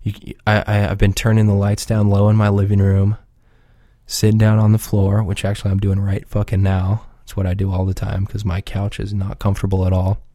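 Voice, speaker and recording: Laid-back, foul-mouthed man with a low voice. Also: monotone, fairly quick, mellow, dry recording, clean studio sound. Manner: profane, rambling, laid-back. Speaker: podcast regular. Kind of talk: casual rambling chat.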